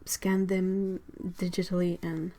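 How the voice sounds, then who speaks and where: A woman's voice: on the low side, flat delivery, slow pace, warm tone. A young woman hosting a livestream, chatting casually and giggling to her viewers while she paints.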